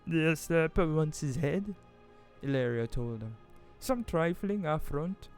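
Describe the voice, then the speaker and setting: A man reading a fantasy novel aloud in a relaxed, casual way, stumbling over words now and then. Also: a little high, a little slow, soft background music. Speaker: audiobook reader. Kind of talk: casual audiobook reading with asides.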